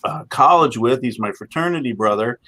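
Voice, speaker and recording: A man's voice: mid-range voice, lively intonation, fairly quick, sharp tone, no echo. Chatty man hosting a video call. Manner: chatty, reads viewer comments aloud. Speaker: host. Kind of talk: casual livestream chat.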